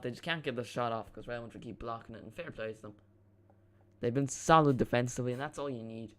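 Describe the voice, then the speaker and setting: A man's voice: mid-range voice, steady tone, fast talker. A young man giving casual live commentary on a football match as a watchalong streamer, chatty, with swearing and self-mocking asides.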